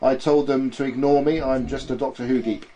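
A man's voice: medium pitch, fairly even intonation, a little fast, dark tone, low-quality recording. A man hosting a casual podcast, reading out listener comments in a playful way, often laughing and tripping over names. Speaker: podcast host.

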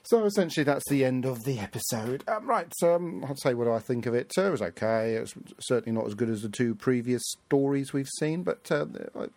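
A man's voice: mid-range voice, lively intonation, fairly quick, hardly any pauses, darkish tone, no room sound. A man hosting a casual review chat, rambling and hesitant with many fillers. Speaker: podcast host.

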